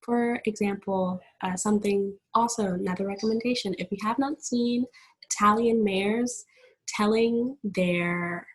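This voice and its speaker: A woman's voice: medium pitch, measured pace, poor audio. A woman hosting a podcast from home, chatting casually with many fillers and restarts. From United States. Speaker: podcast host. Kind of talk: casual solo podcast talk. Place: at home with family in the background.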